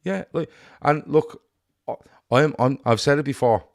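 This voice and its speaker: A man with an Irish accent co-hosting a casual football chat, blunt and sweary in an animated rant. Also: medium pitch, normal speed, creaky. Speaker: podcast co-host.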